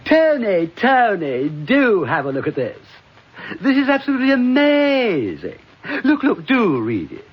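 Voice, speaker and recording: A gushing, theatrical colleague, as a man puts him on, bubbling with delight in a high, plummy voice. The husky tone rises and falls with lively swings. The recording is dull and lo-fi. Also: unhurried, exaggerated voice.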